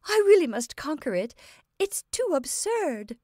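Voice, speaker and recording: A soft, small-voiced young woman who lilts high and bright, always near a laugh. A woman reading a story puts her on. The sound is close and dry. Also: expressive, moderate pace, dry recording. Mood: amused.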